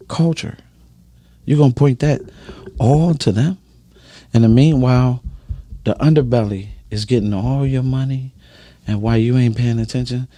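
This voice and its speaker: Man, emphatic preachy testimony, dry close sound, middle pitch. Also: mellow, no echo. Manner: emphatic, preachy, repeats "right?". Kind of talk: impassioned personal testimony.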